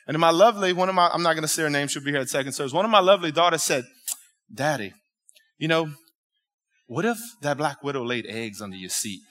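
In a church sanctuary, a male pastor with a highish voice preaches, telling a story in an animated, emphatic way and speaking directly with the congregation.

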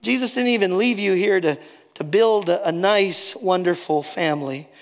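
A male pastor preaching a sermon, rising on key phrases and dropping soft and slow to drive points home. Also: sits high, long reverb tail.

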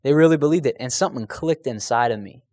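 A man's voice: mid-range voice, quick pace, darkish tone, close to an everyday voice. Heartfelt recovering woman, as a preacher retells her. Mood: earnest.

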